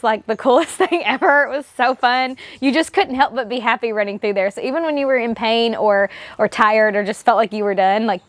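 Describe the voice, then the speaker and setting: A young woman vlogger, speaking in a fairly high voice with no echo, recaps her race day casually. She starts out chatty and enthusiastic, and the story turns emotional.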